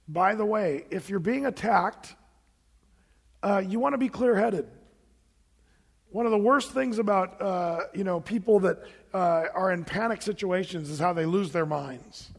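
Gravelly, high-voiced male preacher. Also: in a large hall. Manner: animated storytelling with asides. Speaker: pastor. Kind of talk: sermon.

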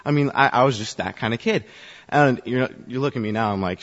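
A man's voice: on the low side, quick pace, a bit bright. Chatty man telling a story in a hall. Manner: chatty, self-deprecating, full of "you know" fillers. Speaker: church youth ministry staff. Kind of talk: personal storytelling talk to a congregation. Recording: echoey hall, dull sound.

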